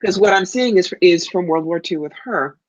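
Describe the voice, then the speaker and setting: A woman's voice: on the low side, animated, moderate pace, no room sound. Woman psychic doing readings, sure of herself, calls ppl darling, dry dull call audio. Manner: confident, calls people darling and honey. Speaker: psychic medium guest. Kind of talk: giving psychic readings on a livestream.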